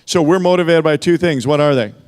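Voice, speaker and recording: A slightly high, smooth male voice with a darkish tone moves briskly through a motivational sales training. He speaks into a handheld microphone, leaning on emphasis and rhetorical questions, frequently adding "okay?" or "right?"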